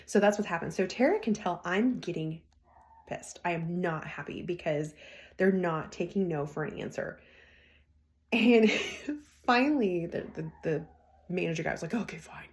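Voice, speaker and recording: A woman's voice: lowish voice, expressive, normal speed. A woman hosting a podcast, telling stories in a chatty way, laughing often and acting out what people said. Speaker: podcast host. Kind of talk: casual storytelling.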